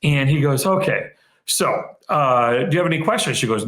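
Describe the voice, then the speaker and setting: A middle-aged man tells an anecdote in a loose, rambling way, stopping now and then to fix details. His pitch sits at an ordinary middle. The recording has a noticeably echoey room sound. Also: expressive, moderate pace, fairly bright tone. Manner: rambling anecdotal storyteller, self-correcting. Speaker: interviewer, practice marketing co-founder. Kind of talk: casual storytelling interview.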